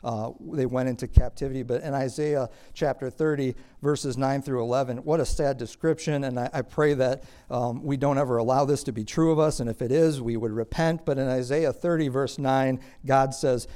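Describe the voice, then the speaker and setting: A man preaching a sermon, moving between quiet, conversational explanation of scripture and loud, emphatic preaching. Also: medium pitch, fairly even intonation, fairly quick. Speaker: pastor.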